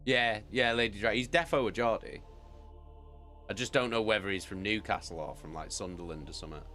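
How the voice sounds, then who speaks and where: Low-voiced British man, casual streamer chat. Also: fairly quick, bright, forceful tone, soft background music. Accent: British English. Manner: swears casually, rambling and opinionated. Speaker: streamer chatting with viewers.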